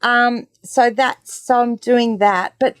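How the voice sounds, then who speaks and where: A woman's voice: a little high, steady tone, slow pace, smooth, no echo. Jokey Australian woman farmer, dry sound. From Tasmania, Australia. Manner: jokey, laughing often. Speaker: guest, regenerative farmer and author. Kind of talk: casual chat.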